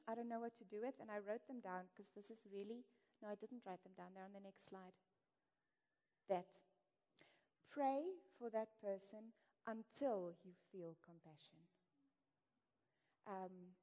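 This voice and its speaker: A woman giving an earnest, candid sermon in a conversational way, speaking to a church. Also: mid-range voice. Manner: earnest, warm-hearted and candid, with light laughs. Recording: echoey hall reverb.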